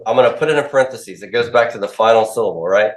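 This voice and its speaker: A man's voice: lowish voice, rapid-fire. Male teacher quizzing a class. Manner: quizzing students, repeating their answers back. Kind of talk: classroom lecture with call-and-response drills. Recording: echoey classroom.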